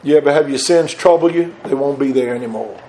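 An older man preaching a sermon, moving from soft conversational asides to loud, fervent bursts. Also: medium pitch, fast talker.

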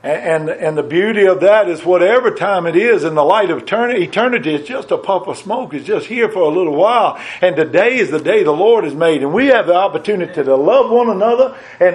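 A man preaching a sermon, folksy and plain-spoken, rising to emphatic peaks and then dropping low and quiet. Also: animated, a little fast.

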